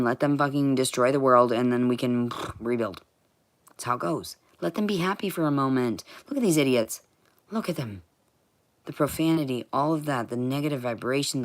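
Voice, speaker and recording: A woman vlogging in a rambling, profane monologue, swinging from muttering to shouting. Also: extremely low pitch.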